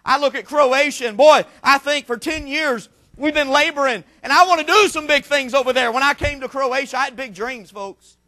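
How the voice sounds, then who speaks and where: A man, a missionary preacher, delivering an impassioned sermon with repetitive cadences that build to shouted peaks. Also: very high voice, normal speed, few pauses.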